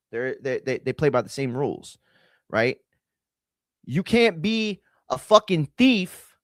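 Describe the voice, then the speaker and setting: A man streaming a profane, ranting commentary on combat sports, excitable and blunt. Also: on the high side, no echo, studio quality. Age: adult. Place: home room with bookshelves.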